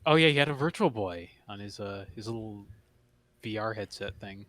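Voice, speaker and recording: A man's voice: on the low side, lively intonation, moderate pace, bright, forceful tone, dry recording. Man, casual chat, hesitant, laid-back, dry close sound.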